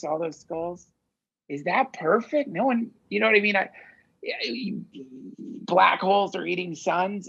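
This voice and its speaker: A man talks in loose, searching sentences, swearing freely as he thinks aloud. His voice is gravelly with a husky edge. The audio is dull and lo-fi, like a podcast recording. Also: fairly high pitch, fairly bright tone. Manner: rambling, profane, searching. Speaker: podcast guest. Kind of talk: casual conversation.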